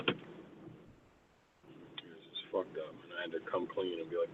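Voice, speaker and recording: A man from New York spins a loose, meandering anecdote, peppering nearly every sentence with curses and filler words. His voice sits at an ordinary male pitch. The recording is dull and lo-fi, with a faint hiss in the background. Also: lively intonation, fairly quick, long pauses. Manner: rambling, heavy swearing, filler words. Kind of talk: casual storytelling. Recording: muffled lo-fi with faint noise.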